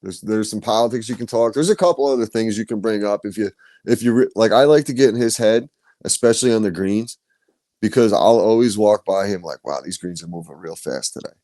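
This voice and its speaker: A man's voice: fairly low pitch, fairly quick, dark tone, dry recording, studio quality. A man hosting a podcast, telling stories in loose, profane casual chat. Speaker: podcast host.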